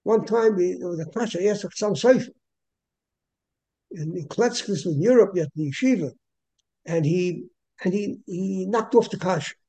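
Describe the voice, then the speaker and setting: A man with a high, gravelly voice gives a Torah class. His tone is dark and a little husky, and he keeps repeating words and clearing his throat as he goes. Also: normal speed, long pauses, low-quality recording. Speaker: Torah teacher.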